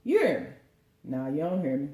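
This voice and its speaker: Woman tarot reader, lively, preachy and joking, in a roomy echo. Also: low-pitched, normal speed. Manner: animated, preachy, joking, profane. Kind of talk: tarot card reading.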